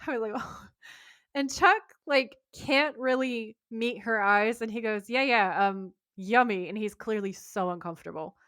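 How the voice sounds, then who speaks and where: A woman's voice: a little high, normal speed, fairly bright tone, no echo, clean studio sound. A woman co-hosting a podcast, reading a TV episode recap aloud, acting out the lines and laughing as she goes. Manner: reads scene notes aloud, mimicking lines, laughing often. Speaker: podcast co-host.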